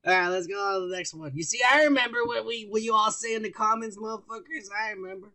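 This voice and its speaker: A man co-hosting a podcast in casual chat, reading out comments, crude and loud, often laughing and shouting. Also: sits high, fast talker. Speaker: podcast co-host.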